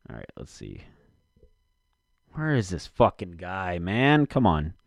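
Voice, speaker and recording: A man's voice: sits low, huge pitch swings, slow, gravelly, no room sound, studio quality. A man rambling casually to himself and his audience from his basement, cursing often and muttering while he searches for something.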